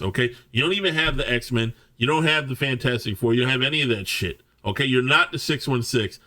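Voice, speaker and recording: A man's voice: medium pitch, brisk, hardly any pauses, bright, forceful tone. A man ranting through a movie review, swearing often and restarting his sentences, with many fillers. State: angry. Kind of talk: ranting film review monologue.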